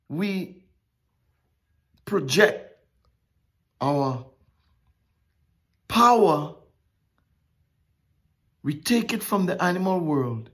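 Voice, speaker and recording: A woman preaching a sermon, emphatic and drawn-out with dramatic pauses. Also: on the low side, a bit bright, slightly rough.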